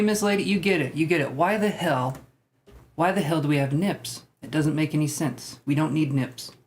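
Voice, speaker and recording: A man giving tarot readings on a live stream, chatting loosely and joking with viewers between cards. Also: a little high. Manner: loose and jokey, rambling asides to viewers. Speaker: tarot reader.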